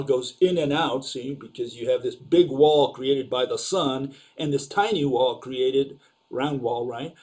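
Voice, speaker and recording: A man's voice: mid-range voice, mellow. A man giving an informal, sarcastic lecture over slides, questioning ideas and using lots of fillers.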